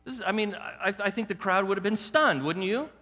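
Animated pastor preaching in an echoey hall. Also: male voice, high voice, brisk. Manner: animated, coaxing the congregation with rhetorical questions. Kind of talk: sermon.

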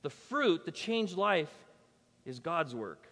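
A man preaching a sermon as pastor, emphatic and conversational, swinging between loud declarations and soft, quiet asides. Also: a little high, big pitch swings, slow, in a large hall. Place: church.

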